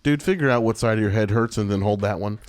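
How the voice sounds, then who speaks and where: A man's voice: fairly low pitch, fast, slight background noise. A man co-hosting a podcast, recapping a TV episode in casual chat, laughing often and acting out lines. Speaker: podcast co-host.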